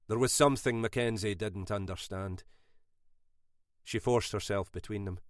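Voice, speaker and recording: A man narrating a thriller audiobook in a measured, unhurried way. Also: on the low side, no echo, studio quality.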